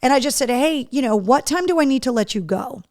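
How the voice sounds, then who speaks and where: A woman's voice: sits high, fairly quick, no echo, studio quality. A woman hosting a live show, chatting casually, reading out viewer comments with a case of the hiccups. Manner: chatty, animated, reads comments aloud. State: has the hiccups. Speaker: radio and podcast host.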